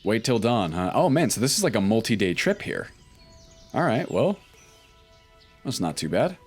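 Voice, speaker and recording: A man commenting casually on a video game playthrough, relaxed and thinking aloud with frequent ums. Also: fairly low pitch, moderate pace, slightly rough, faint music behind. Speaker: gaming YouTuber. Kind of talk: let's play commentary.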